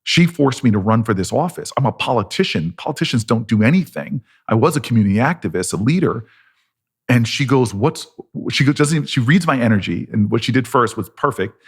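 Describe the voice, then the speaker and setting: Animated American man telling a story. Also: mid-range voice, a little fast, breathy edge. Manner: lively storyteller, acting out both sides of conversations, laughing between lines. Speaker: politician guest.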